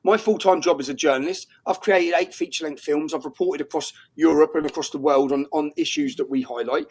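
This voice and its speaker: A man's voice: on the high side, brisk, darkish tone. A middle-aged British man speaking in a heated interview, indignant and emphatic, often repeating himself. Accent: British English. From England. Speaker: guest.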